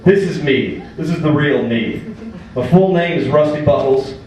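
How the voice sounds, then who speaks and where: A man playing a loud, crude Southern redneck comic with a drawl, performing stand-up in a comedy club. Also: on the high side, moderate pace, distant mic, voice pushed down, lightly acted. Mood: boastful. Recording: echoey club heard from afar. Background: crowd laughing.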